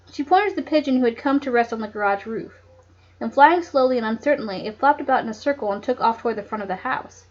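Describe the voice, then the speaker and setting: Woman reading a kids mystery out loud, kinda high voice, giggly side comments, dull home mic. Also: expressive, fast. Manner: giggly, chatty asides. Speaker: audiobook reader. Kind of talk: casual read-aloud with asides.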